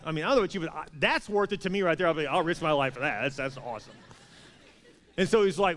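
Fast-talking, high-voiced male preacher in a hall. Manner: storytelling with acted-out dialogue, animated and joking. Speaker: pastor. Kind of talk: sermon. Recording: reverberant hall.

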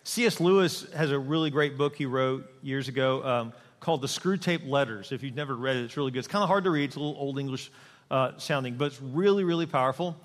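A pastor's mid-range voice moves at a quick pace, trailing long reverb through the church sanctuary. He preaches conversationally and with humor, regularly asking the congregation questions.

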